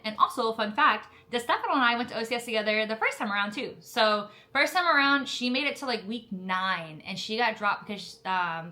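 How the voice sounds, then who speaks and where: She has a sharp, medium-pitched voice. Telling her own story as a Marine officer candidate, the young woman chats casually about officer training, using plenty of fillers and laughing often.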